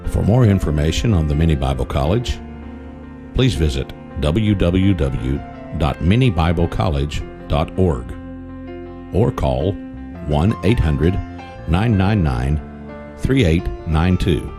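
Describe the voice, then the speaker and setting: A man reading a scripted closing announcement, slowly and deliberately spelling out contact details. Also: rumbling low, expressive. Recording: music bed underneath.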